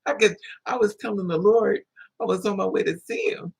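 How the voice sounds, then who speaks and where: A vlogger telling a story casually to camera in an animated way, acting out the other people's voices with high squeals. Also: fairly quick, creaky, breathy edge.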